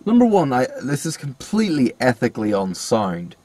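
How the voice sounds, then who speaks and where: A man's voice: mid-range voice, huge pitch swings, moderate pace, warm tone, no room sound. Exasperated sweary man with a lilt. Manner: exasperated, sweary, mocks accents. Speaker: co-host film reviewer. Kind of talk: casual film review chat.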